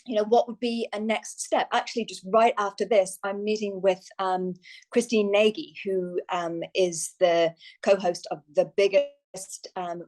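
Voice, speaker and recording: Enthusiastic Irish woman coach. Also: on the low side. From Ireland. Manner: enthusiastic, animated, many fillers and restarts. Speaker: guest, success coach. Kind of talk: podcast interview.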